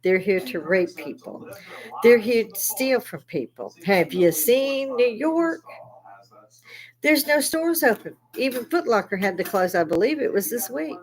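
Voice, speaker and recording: A woman's voice: a little high, animated, normal speed, poor audio. Older lady venting to her viewers, fired up, cussing, no filter. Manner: angry ranting, blunt and profane. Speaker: host. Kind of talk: casual monologue to camera.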